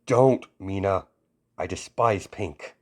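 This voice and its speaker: Man playing a sullen young heroine, low and grumbling, defensive. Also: slow, a little mellow. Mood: stubborn. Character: sullen young woman hero, proud and self-conscious. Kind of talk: amateur story voicing.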